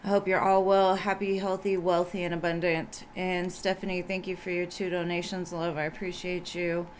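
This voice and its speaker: A woman's voice: on the low side, flat delivery, moderate pace. A woman tarot reader with a scratchy voice, chatting casually on a live stream and greeting viewers one by one.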